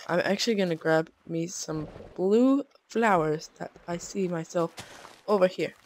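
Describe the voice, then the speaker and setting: A woman's voice: lowish voice, slight background noise. Chatty woman narrating her gameplay. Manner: chatty, bursts into startled exclamations. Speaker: let's play gamer. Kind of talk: casual gameplay commentary.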